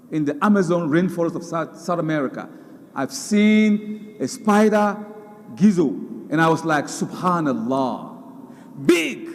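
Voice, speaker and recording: A male preacher with a high, lively voice that swings widely in pitch. He delivers his sermon with animated emphasis, repeating words and reciting verses. His voice carries a long reverb from a large hall. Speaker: Islamic preacher.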